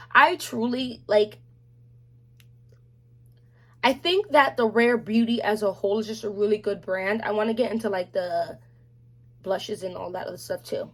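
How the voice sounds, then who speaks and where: A woman chatting casually on camera about beauty products, animated and slangy, with playful asides to viewers. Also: medium pitch, a little hiss or hum. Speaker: beauty vlogger. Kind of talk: casual product review chat.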